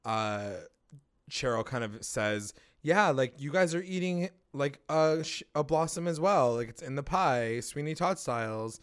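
Animated man recapping a show. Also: mid-range voice. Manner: animated, swears freely, acts out characters' lines. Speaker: podcast co-host. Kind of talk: casual TV recap chat.

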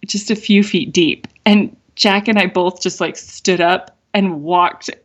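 A middle-aged woman hosting a podcast, telling a dream story in a soft, reflective way, with many "like" fillers and light laughs. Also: lowish voice, fairly even intonation, slow pace. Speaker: podcast host. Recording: dull lo-fi audio with faint guitar.

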